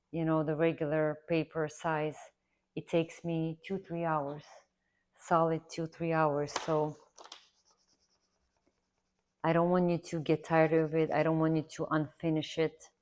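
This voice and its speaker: Low-voiced woman chatting while she draws. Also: flat delivery, slow pace, pauses often, a little mellow, clean tone. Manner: rambling, earnest, repeats herself for emphasis. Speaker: art instructor. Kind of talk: casual chatty tutorial while drawing.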